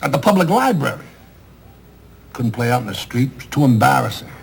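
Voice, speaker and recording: An actor playing a middle-aged theatrical agent, loud, sardonic and self-pitying, in a 1970s TV drama. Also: male voice, medium pitch, sing-song, brisk, creaky, a little hiss or hum. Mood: wisecracking. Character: loud, bitter, wisecracking male theatrical agent. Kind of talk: 1970s television drama acting.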